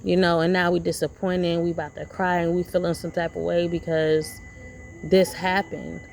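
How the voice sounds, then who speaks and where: A woman's voice: on the low side, flat delivery, normal speed, gravelly, darkish tone, a little hiss or hum, rough recording. A woman vlogger giving a rambling, preachy motivational talk, repeating her points as she goes. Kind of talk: casual motivational monologue.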